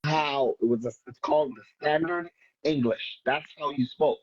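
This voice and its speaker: A man's voice: a little high, moderate pace, husky, lo-fi sound. A man with a Jamaican accent, a poet guest talking casually in an interview, often restarting and asking "right?". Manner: frequent restarts and filler, rhetorical "right?".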